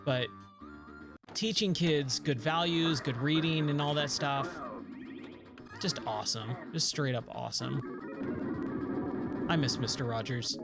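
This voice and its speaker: A man's voice: mid-range voice, slow, vocal fry, long pauses. A man in his thirties chatting casually while playing arcade games, rambling and easily sidetracked. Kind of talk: casual chat while gaming. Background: game music.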